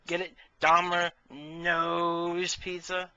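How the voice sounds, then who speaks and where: A man's voice: on the high side, moderate pace, sharp tone, dry recording, dull audio. A man voicing a joking male mentor who speaks in a teasing way.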